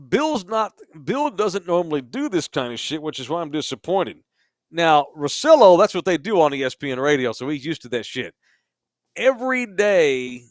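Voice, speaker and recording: A man co-hosting a casual sports podcast, ranting hard and swearing freely. His voice sits fairly high. The sound is dry and close, with no room echo. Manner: profane, emphatic ranting, mocking voices. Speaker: podcast co-host. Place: bar podcast studio.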